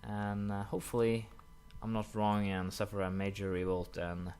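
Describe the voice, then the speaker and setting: A young man commenting casually while playing a strategy game, rambling with many fillers and quick apologetic asides. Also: on the low side, completely flat delivery, a little mellow, clean tone. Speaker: gaming commentator. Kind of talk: casual let's-play commentary.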